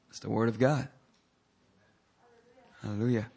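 Bright-voiced man preaching a sermon. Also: mid-range voice, moderate pace. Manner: energetic preaching with frequent hallelujahs; calls on the congregation to repeat after him. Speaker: pastor. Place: church service.

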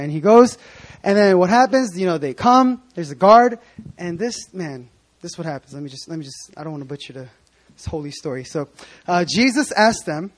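High-voiced joking preacher man. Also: expressive, fairly quick. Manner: chatty, joking, many asides and restarts. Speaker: pastor. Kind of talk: casual sermon.

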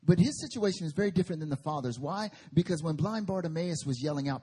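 A man's voice: a little high, animated, quick pace, warm tone, husky. A male pastor preaching a sermon at a church service, conversational with emphatic bursts.

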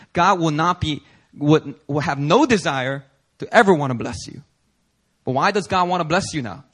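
A man's voice: fairly high pitch, a bit bright. A male pastor preaching a sermon in an earnest, emphatic way, building intensity through repetition.

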